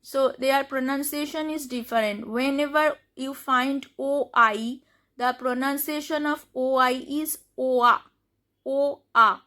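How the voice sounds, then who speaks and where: A woman with an Indian accent gives a spoken lesson, saying each example word twice. Her voice is high and bright. She talks slowly, with many fillers and restarts. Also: fairly even intonation. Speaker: French teacher.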